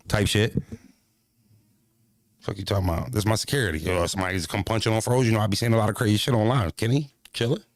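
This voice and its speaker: A man's voice: fairly low pitch, racing, no room sound, clean studio sound. A man streaming casually as a battle-rap commentator, talking in a brash, profane, rambling way and repeating himself.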